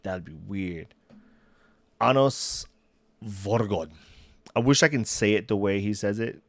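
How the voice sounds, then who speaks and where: Low-voiced young man rambling on a stream. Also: lively intonation, normal speed, a bit bright, dry recording. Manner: rambling, self-interrupting, laughing at himself. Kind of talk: casual solo livestream chat. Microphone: desk mic.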